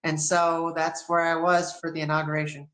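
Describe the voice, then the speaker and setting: Bright, animated American woman, guest storyteller, recorded with room echo. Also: sits low, normal speed. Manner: animated, acts out quoted people in her story. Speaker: interview guest. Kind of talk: casual storytelling.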